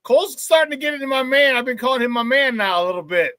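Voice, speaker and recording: A sports talk host with a high, sharp, bright voice, heard close and dry. He talks fast and gets worked up, tripping over his words and repeating them as the excitement builds. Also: no room sound. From Chicago area. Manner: fired-up, excitable, repeats words when animated. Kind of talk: casual sports radio talk.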